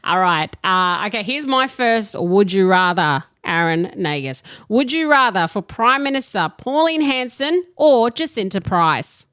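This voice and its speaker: A young Australian woman co-hosting a podcast in casual chat, bantering and quick to laugh. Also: medium pitch, animated, fairly bright tone, smooth, no room sound, clean studio sound. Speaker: podcast co-host.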